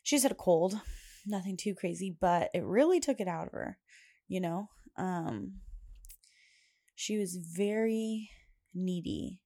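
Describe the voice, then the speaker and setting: A woman's voice: lowish voice, unhurried, long pauses, mellow, no room sound, clean studio sound. A young woman hosting a podcast in a casual, rambling chat, often laughing as she talks. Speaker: podcast host.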